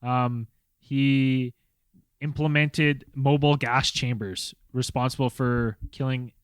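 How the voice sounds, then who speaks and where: A man co-hosting a casual podcast, reading facts from a list with pauses and fillers. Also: mid-range voice, steady tone, clear, resonant tone, dry recording. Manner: hesitant, reading facts from notes with many fillers. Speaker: podcast co-host. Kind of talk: casual chat.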